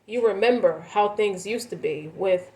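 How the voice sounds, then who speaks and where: A woman's voice: medium pitch, normal speed, mellow, rough recording. Woman, tarot reader, rambling, emphatic, casual spoken reading, restarts her sentences.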